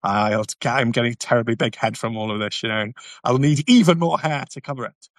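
A slightly fast, medium-pitched male voice on a dry recording belongs to a YouTube host doing a casual livestream. He reads comments from viewers and answers them bluntly, with sardonic side remarks.

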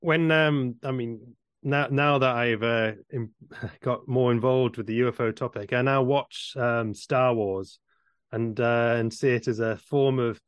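Reflective man with soft laughs. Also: medium pitch, steady tone, a little slow, clean tone, dry recording, lo-fi sound. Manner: reflective, laughs often, hesitant. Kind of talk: casual conversation.

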